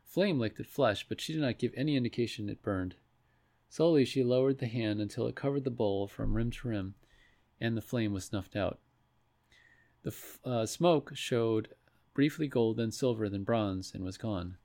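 A man reading a fantasy story aloud in a measured way, with a few restarts. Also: mid-range voice, dark tone. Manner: measured, with occasional slips and restarts. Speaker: narrator. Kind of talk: storybook read-aloud narration.

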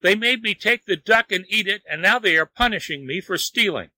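A man voicing a terrified, lazy man who wails and pleads in a high, strained voice. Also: expressive, brisk, pushed and bright, no room sound, full character voice. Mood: despairing. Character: wailing, terrified lazy man sprouting feathers.

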